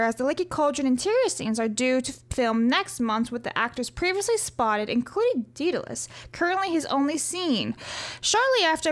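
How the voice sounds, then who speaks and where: A high-voiced woman talks straight to her viewers in a loose, casual vlog. She is chatty and opinionated and rants freely, with plenty of asides. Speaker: vlogger.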